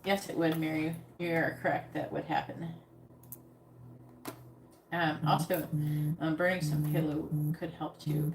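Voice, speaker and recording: Woman, tarot reader, live stream, casual rambling chat, low pitch, echoey room. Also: flat delivery, measured pace, long pauses, a little hiss or hum. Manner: chatty, rambling, talks directly to viewers.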